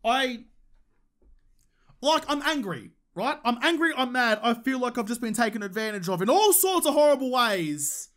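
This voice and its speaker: High, lively Australian gamer. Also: male voice, brisk. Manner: animated, joking, talks to the game and himself. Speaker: gaming YouTuber. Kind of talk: casual gameplay commentary.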